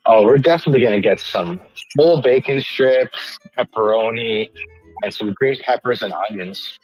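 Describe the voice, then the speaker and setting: Upbeat relaxed male stream guest. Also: mid-range voice, moderate pace, soft background music, rough recording.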